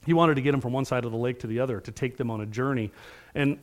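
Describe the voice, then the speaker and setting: A man's voice: mid-range voice, racing. A middle-aged male pastor preaching a sermon in an earnest, conversational way, often checking in with the room.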